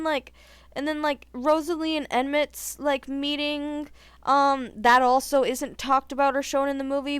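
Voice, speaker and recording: A woman talks straight into the camera in a loose, chatty vlog, her voice smooth and clear. She keeps saying "like" and laughs at her own opinions. The sound is close and dry, with no room around it. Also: high voice, dry recording. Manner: chatty and animated, heavy use of "like". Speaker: vlogger.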